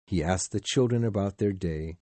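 A man narrating a storybook in a slow, measured, expressive way. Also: low-pitched, no room sound. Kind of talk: storybook reading.

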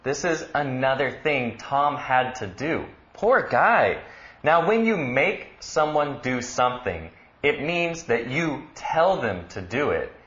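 A man teaching English on a radio lesson, explaining words slowly and patiently with lively emphasis. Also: mid-range voice, roomy sound, muffled recording.

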